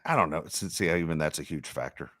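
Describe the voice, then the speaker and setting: A man hosting a casual sports podcast, rambling and animated, with mock-complaining asides. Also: a bass voice, fast talker, dry recording, clean studio sound. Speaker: podcast host.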